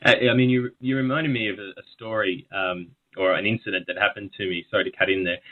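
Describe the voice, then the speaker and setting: Aussie guy on a phone call, deep voice, crackly tinny line, chatty. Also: steady tone, quick pace. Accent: Australian. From Australia. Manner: chatty storyteller, laughs easily. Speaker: guest. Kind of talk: casual chat.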